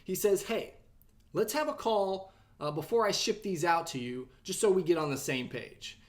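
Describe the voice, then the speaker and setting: A young man hosting a tech review vlog, telling a story time review quickly and quoting himself in a raised voice. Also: high voice. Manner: animated, talks fast, quotes himself in a raised voice.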